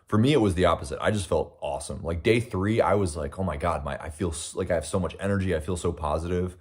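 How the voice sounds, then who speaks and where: A man's voice: deep voice, fast talker, a little mellow, breathy edge. A young American man hosting a casual livestream, eating breakfast while he reads and answers viewer comments in a rambling, reflective way with many fillers. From United States. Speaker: livestream host.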